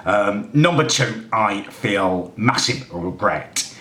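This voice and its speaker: A man's voice: lowish voice, lively intonation, slow pace, pushed and bright. A man vlogging casually to camera, ranting in exasperation and tagging his sentences with "right?". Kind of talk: casual vlog monologue.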